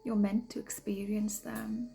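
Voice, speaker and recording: A woman giving gentle spiritual guidance, slow and often half-whispered, sniffly from a cold. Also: mid-range voice, little pitch movement, creaky, faint music behind, rough recording. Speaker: spiritual card reader. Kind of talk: soft-spoken spiritual guidance.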